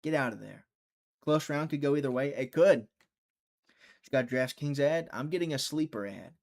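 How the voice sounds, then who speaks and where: A man's voice: on the high side, normal speed, darkish tone. A young man hosting a live fight-watching stream, chatty and teasing, reading viewer chat aloud.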